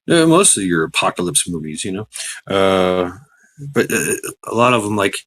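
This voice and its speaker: A middle-aged man hosting a casual livestream, rambling with many fillers, greeting chatters by name and breaking into excited shouts. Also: sits low, normal speed. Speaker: livestream host.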